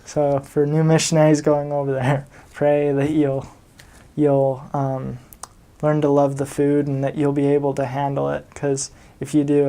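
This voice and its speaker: This dark-toned, mid-range voice belongs to a young American man who has returned from a mission. He tells stories in a casual manner, with chuckles and plenty of fillers.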